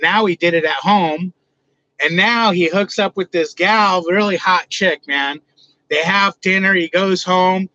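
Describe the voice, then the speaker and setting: A man's voice: high-pitched, a little slow, sharp tone, muffled recording. A man hosting a casual livestream from inside his truck, joking loosely and answering his chat. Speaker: livestream host.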